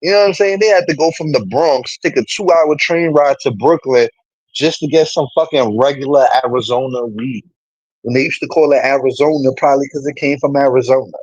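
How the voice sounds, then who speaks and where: A man, chatting casually to a live stream audience in an animated, rambling way, swearing often. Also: medium pitch, no echo, dull audio.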